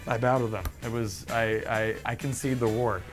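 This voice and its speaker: A young man, an actor, telling animated anecdotes about filming in an interview. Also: medium pitch, normal speed, over music. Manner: animated storytelling, repeats words.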